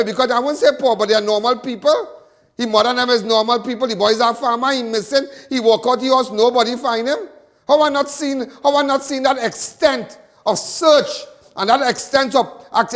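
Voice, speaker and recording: The very high voice belongs to a Trinidadian man on a live crime talk show. He delivers a heated monologue, circling back with repetitions and restarting sentences with stammers.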